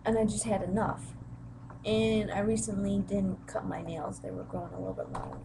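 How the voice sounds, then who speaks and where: A woman's voice: medium pitch, big pitch swings, moderate pace, creaky, noisy background. A young woman vlogging, retelling a family conflict with emotion and acting out the quoted voices. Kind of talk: personal storytelling vlog.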